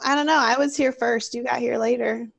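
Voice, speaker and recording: A woman's voice: fairly high pitch, fairly even intonation, fairly quick, gravelly, a bit bright. A woman voicing a brash, sassy young female adventurer who speaks with defiance. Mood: defiant.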